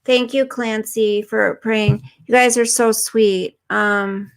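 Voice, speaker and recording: A woman's voice: fairly high pitch, fairly even intonation, takes it slowly, vocal fry, clean tone. A woman hosting a casual livestream, chatting with viewers by name and sounding unwell and tired. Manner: chatty, answers chat comments by name. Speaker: livestream host reading viewer comments.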